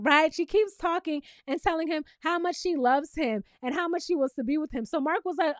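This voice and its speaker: A woman's voice: sits high, expressive, moderate pace, hardly any pauses, soft background music. A woman recapping a reality show in casual, sassy commentary, talking straight to her viewers.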